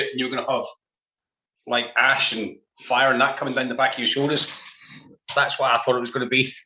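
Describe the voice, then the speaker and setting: A man's voice: medium pitch, pushed and bright, roomy sound, rough recording. A man joining a group chat in a playful, teasing way. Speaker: podcast participant. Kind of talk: casual chat.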